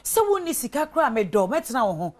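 A woman hosting a television talk show, asking lively, probing questions. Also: a little high, fairly quick. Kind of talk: Twi-language TV talk show.

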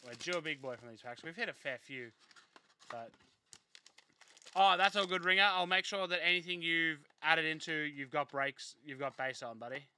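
A man's voice: fairly high pitch, moderate pace, sharp tone, a little hiss or hum. A young man hosting a live card break, reading off player names and chatting casually with viewers.

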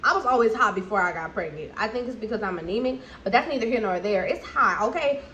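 A pregnant young woman, chatting candidly to camera at home in a vlog with animated asides. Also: a little high, fast, highs cut off, a little hiss or hum. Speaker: vlogger. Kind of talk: casual chat to camera.

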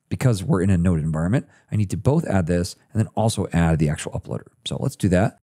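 A man's voice: deep voice, warm tone. A man hosting a screen-share coding tutorial, talking casually through each step.

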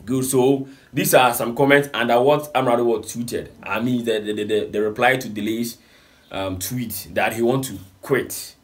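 A man with a Ghanaian accent talks through entertainment gossip in casual reaction style, slipping into Pidgin. His voice sits at a middle pitch. He reads comments aloud and pleads with animated energy. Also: moderate pace. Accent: Ghanaian English with Pidgin.

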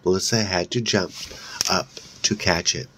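A man's voice: sits low, fairly bright tone, slight background noise. A man reading a horror novel aloud in a casual way, with slips and restarts along the way. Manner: reads slowly, with slips and restarts. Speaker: audiobook reader. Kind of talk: casual read-aloud narration.

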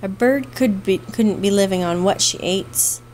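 A woman's voice: medium pitch, a little slow, a little mellow, slight background noise, lightly acted, low-quality recording. A woman voicing a fond, scolding old housekeeper with an Irish brogue, read in a storybook. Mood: coaxing.

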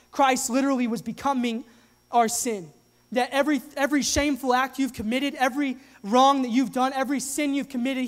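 A young adult man preaching a sermon to his congregation, earnest and animated, often restarting his sentences. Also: very high voice. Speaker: pastor. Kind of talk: sermon with live demonstration. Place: church hall with live audience. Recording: long hall reverb.

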